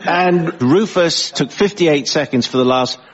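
A man hosting a comedy panel show, briskly reading out scores and questions. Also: a little high, heavy background noise. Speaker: quiz show host. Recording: lo-fi broadcast sound.

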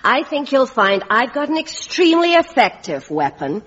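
A woman's voice: sits high, big pitch swings, moderate pace, highs cut off, noisy background. An actress playing a bold but flustered woman in disguise who stumbles over her words.

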